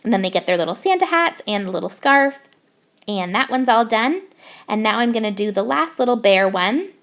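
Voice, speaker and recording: A woman's voice: fairly high pitch, animated, brisk, a bit bright. A young woman from Canada narrating her craft process in a bubbly, gushing way. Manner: bubbly, gushing over cute details. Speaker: craft YouTuber.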